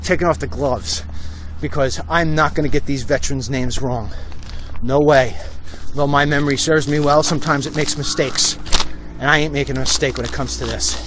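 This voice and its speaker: A man's voice: medium pitch, steady tone, normal speed, background noise. A middle-aged man hosting a walk-and-talk show, ranting bluntly about politics while walking down a street and talking into a phone. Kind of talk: opinionated live-stream monologue while walking. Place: outdoors on a residential street.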